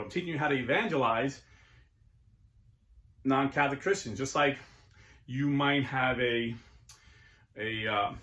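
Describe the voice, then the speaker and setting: In an echoey room, a middle-aged man who converted to Catholicism hosts his YouTube channel with a casual, earnest monologue that sometimes turns preachy. His voice sits in the mid-range and is a bit bright.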